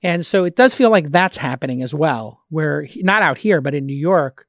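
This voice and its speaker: A man's voice: fairly high pitch, animated, moderate pace, a bit bright, no echo, clean studio sound. A man hosting a podcast, talking in a casual, chatty way and thinking aloud as he goes. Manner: talkative, thinks aloud, restarts sentences. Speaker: podcast host. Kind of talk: casual conversational discussion.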